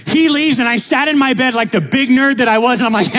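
A young adult male pastor preaching a sermon, telling childhood stories and building to energetic calls to the congregation. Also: very high-pitched, moderate pace, gravelly. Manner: energetic storytelling, rising to preaching fervor.

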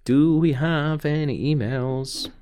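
A man's voice: a little high, steady tone, slow pace, warm tone, clean tone. A man co-hosting a podcast, joking and teasing in casual chat and laughing often. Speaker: podcast co-host.

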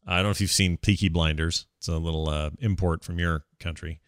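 A man's voice: sits low, fairly even intonation, fairly quick, no echo, clean studio sound. A man co-hosting a casual podcast, talking in an easygoing way with lots of fillers. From United States. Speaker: podcast co-host. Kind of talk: casual chat.

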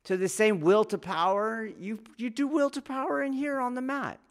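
A man teaching martial arts students in an informal, rambling lecture, often laughing and checking whether they follow, growing loud when he presses a point. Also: extremely high pitch, fairly even intonation, moderate pace. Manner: rambling, laughs often, asks "do you see?".

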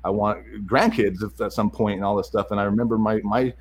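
A man candidly telling a personal story, halting and repeating words as he restarts his sentences. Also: lowish voice, steady tone, slightly rough, poor audio.

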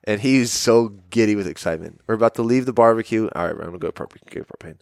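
A man's voice: fairly low pitch, quick pace, darkish tone, clear, resonant tone, no room sound, studio quality. A man co-hosting a podcast, ranting and swearing in exasperated casual banter. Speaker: podcast co-host.

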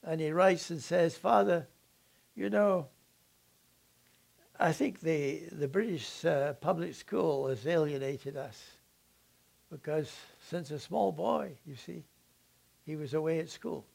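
An older man delivers a lecture at a very unhurried pace, his voice gravelly and a little raised in pitch. He tells the story reflectively, pausing often with fillers. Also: darkish tone. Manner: slow, reflective storytelling with frequent ums.

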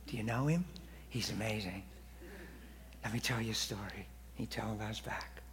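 A man's voice: lowish voice, moderate pace, a little hiss or hum. Man preaching in an echoing church hall. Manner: storytelling, swinging from hushed near-whispers to loud excited bursts. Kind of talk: sermon. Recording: long hall reverb.

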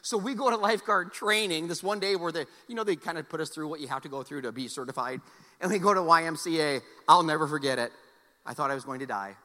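A man preaching a sermon, telling a personal story with animated, loud exclamations and soft, earnest appeals. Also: a little high, fast talker. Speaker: pastor. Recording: long hall reverb.

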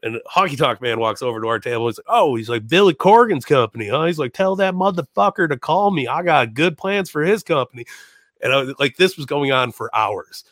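A young man from Chicago, a podcast guest, telling stories in a loose, animated way, laughing often, swearing, and restarting his sentences. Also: medium pitch, fairly quick, no echo, clean studio sound. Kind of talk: casual storytelling chat.

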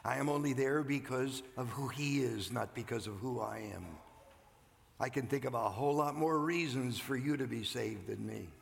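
An older man preaching a sermon, earnest, rising loud and then dropping to a hush. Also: medium pitch, normal speed, vocal fry, in a large hall. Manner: earnest, swings from loud to hushed. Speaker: pastor. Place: church sanctuary.

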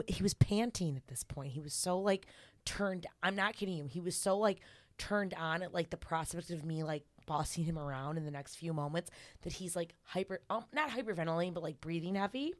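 A woman's voice: lowish voice, fairly bright tone, dry recording. A young woman comedian, a podcast guest, telling a story in casual chat, laughing as she acts out quotes.

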